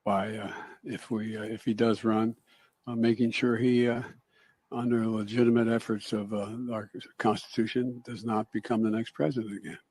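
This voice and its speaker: A fumbling old president with a put-on Southern drawl, as a man mocks him, stumbling over every phrase. His voice is dark, flat and a little husky. The sound is very dry and close. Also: lowish voice, dry recording. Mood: evasive. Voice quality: halting, full of ums and uhs. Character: mumbling elderly male president, bumbling.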